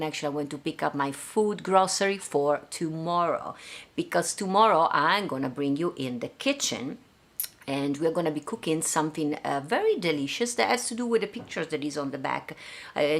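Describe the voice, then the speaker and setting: An Italian-accented woman hosts a relaxed live stream from her home. She talks on a slightly low voice and chats freely with plenty of fillers, slipping into Italian and French now and then. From Italy. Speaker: host. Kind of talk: casual live-stream chat.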